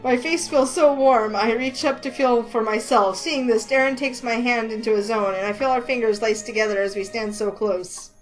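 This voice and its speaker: A woman reading a romance game aloud in a lively, excitable way, with faint music behind her. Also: fairly high pitch, normal speed, hardly any pauses, poor audio. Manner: lively, excitable, voices the heroine with outbursts. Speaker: gaming channel host reading a visual novel.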